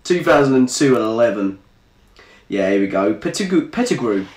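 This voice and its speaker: A man's voice: mid-range voice, big pitch swings. A man co-hosting a casual live stream, teasing and goofing around while he is ill. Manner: goofy, teasing, quick to jump into voices. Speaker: livestream co-host. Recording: echoey room, faint background noise.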